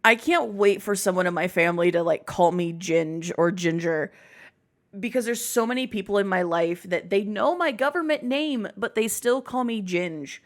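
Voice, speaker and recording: A woman hosting a casual podcast chat, rambling and swearing freely. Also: mid-range voice. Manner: swearing, rambling, quick asides. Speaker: podcast host.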